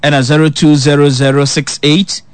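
A man hosting a call-in radio show, taking callers and reading out phone numbers slowly. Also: a little high, little pitch movement, smooth, no room sound.

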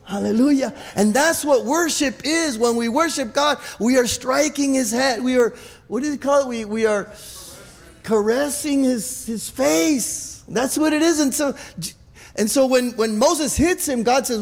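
High-voiced preaching man in a hall. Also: measured pace, gravelly. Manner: animated preaching with many restarts and repeated "Amen?". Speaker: pastor. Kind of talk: sermon. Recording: echoey hall with long reverb.

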